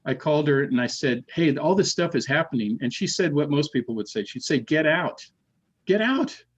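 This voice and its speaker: A middle-aged man, a podcast guest, telling a ghost story in casual chat, animated and repeating words as he acts out the voices he quotes. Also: on the high side, fast talker, breathy edge, highs cut off.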